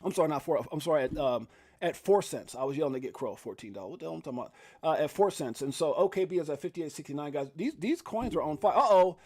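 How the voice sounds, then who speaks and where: High-voiced hyped man hosting a stream. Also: expressive, fast. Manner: hyped, shout-outs to chat, loose rambling with laughs. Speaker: livestream host. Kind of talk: casual live crypto stream.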